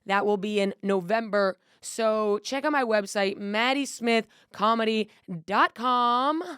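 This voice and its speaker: A woman's voice: fairly high pitch, a little slow, fairly bright tone, clean tone, dry recording, clean studio sound. A woman hosting a podcast, chatty and casual, who swears freely and plugs her tour dates. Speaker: podcast host.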